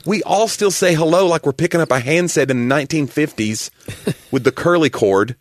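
A man's voice: a little high, brisk, no room sound, studio quality. A man with a light Southern accent, a comedian hosting a casual podcast chat and ranting playfully about everyday habits. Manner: animated, ranting, builds to exasperated.

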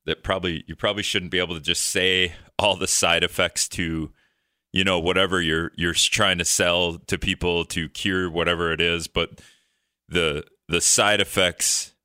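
A man's voice: sits low, steady tone, normal speed, bright, forceful tone, no echo, clean studio sound. A man hosting a call-in radio talk show, rambling in a joking way and acting out exasperated reactions.

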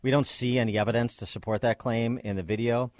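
A man hosting a radio interview, asking long, measured questions with many fillers. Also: medium pitch, fairly even intonation, a little mellow, dry recording, studio quality. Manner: measured, hesitant, many fillers between phrases. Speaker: radio host.

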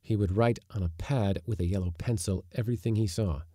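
Guy reading a story, low voice, mellow, dry close sound. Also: fairly quick, no echo. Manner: lively, voices the dialogue with sharp jumps in pitch and force. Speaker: narrator. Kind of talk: audiobook reading of a short story.

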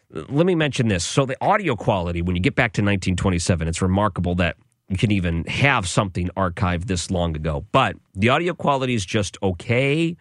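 A man's voice: deep voice, dry recording, clean studio sound. A man hosting an overnight radio show, chatting enthusiastically with some restarts. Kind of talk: casual radio talk. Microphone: studio microphone.

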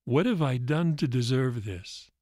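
A man's voice: mid-range voice, animated, a little slow, warm tone, no echo, studio quality, lightly acted. A priest reading the part of a weeping, sinful woman in a story, pleading earnestly.

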